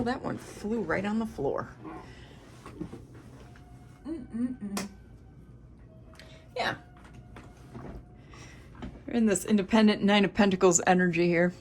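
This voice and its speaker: A woman's voice: mid-range voice, noisy background. A woman in her thirties giving a casual, rambling tarot reading to camera, thinking aloud with many fillers. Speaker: tarot reader.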